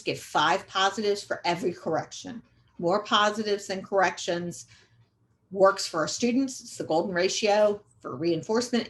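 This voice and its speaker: A middle-aged woman giving a conversational training lecture to educators, repeating key points for emphasis and often pausing on "um". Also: medium pitch. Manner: conversational, repetitive emphasis, frequent um fillers. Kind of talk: recorded training webinar lecture.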